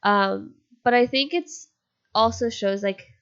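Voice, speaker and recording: A woman's voice: on the high side, takes it slowly, a bit bright, smooth. Stuffed-up woman chatting about a bible passage, lots of "like", a bit out of breath, dull lo-fi audio. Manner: chatty, upbeat, with frequent "like". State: congested and short of breath. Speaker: podcast co-host. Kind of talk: casual Bible study chat and reading aloud.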